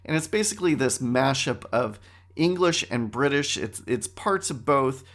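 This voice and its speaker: A middle-aged man hosting a casual solo podcast, talking in an animated, wry way that often interrupts itself. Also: medium pitch, normal speed. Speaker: podcast host.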